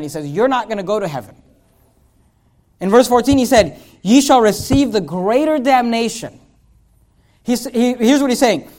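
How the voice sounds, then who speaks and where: A man with a strikingly high voice preaches with rising fervor, his lines building loud and emphatic before he drops to quiet asides. He reads scripture slowly and deliberately, drawing out the old phrasing. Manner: reads scripture in slow, drawn-out King James phrasing. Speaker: pastor. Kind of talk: sermon.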